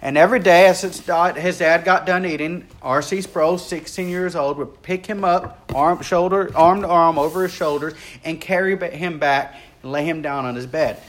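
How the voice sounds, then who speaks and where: High-voiced earnest male preacher. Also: moderate pace, few pauses. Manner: earnest, builds in intensity and then drops low and quiet. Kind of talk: sermon storytelling.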